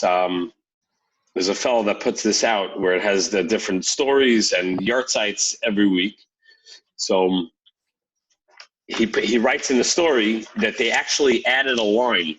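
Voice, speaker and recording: A man's voice: lowish voice, fairly bright tone, breathy edge, rough recording. A man co-hosting a podcast, chatting casually and acting out the quotes in his stories. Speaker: podcast co-host. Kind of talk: casual storytelling chat.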